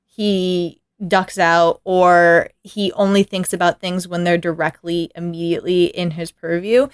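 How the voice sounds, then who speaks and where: A woman co-hosting a podcast in casual chat, animated and laughing often as she talks. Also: fairly low pitch, measured pace, smooth, no echo, studio quality. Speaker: podcast co-host.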